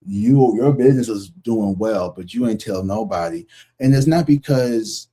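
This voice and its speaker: A man's voice: fairly low pitch, unhurried, mellow, husky. A man giving a casual, blunt tarot reading, talking conversationally and swearing freely. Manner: conversational, acts out other people's voices. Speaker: tarot reader.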